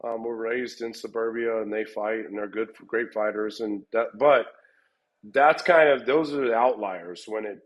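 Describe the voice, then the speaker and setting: A man's voice: lowish voice, normal speed, rough recording. A middle-aged man, a fight gym coach, answering interview questions in a rambling way, often restarting and repeating words. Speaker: MMA gym head coach.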